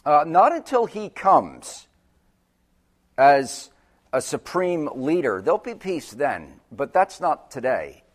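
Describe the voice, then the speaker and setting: Guy preaching a sermon, voice up high and all over the place, gets loud then drops way down quiet. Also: sing-song, takes it slowly. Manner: dramatic swings between loud urgent peaks and quiet low passages. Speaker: pastor.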